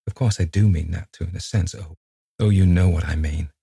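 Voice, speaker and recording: A man's voice: low-pitched, steady tone, fairly quick, vocal fry, mellow, slightly rough, dry recording, clean studio sound, exaggerated voice. A man reading a distraught young woman in an audiobook, pleading and breaking between laughter and sobs. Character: distraught young woman, sobbing, wounded pride.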